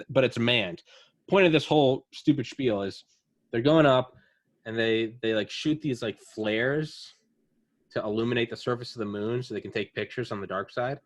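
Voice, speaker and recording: A man chatting casually as a podcast co-host, telling a rambling, animated story full of fillers. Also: on the low side. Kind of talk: casual chat.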